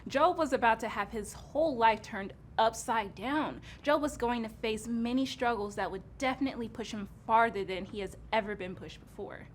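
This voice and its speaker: A woman co-hosting a kids' church show, patiently telling a Bible story in a gentle, amused way. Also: fairly high pitch, normal speed, hardly any pauses, a little hiss or hum.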